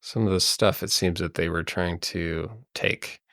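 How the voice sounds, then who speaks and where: A man's voice: deep voice, steady tone, measured pace, a bit bright, dry recording, studio quality. A man narrating as game master of a tabletop game, meandering and full of ums and likes.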